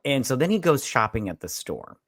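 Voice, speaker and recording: A man's voice: mid-range voice, sing-song, brisk, a bit bright, no room sound. A man co-hosting a casual podcast, retelling a movie in a blunt, crude, joking way with put-on quotes. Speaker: podcast co-host. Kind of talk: casual drunk movie recap.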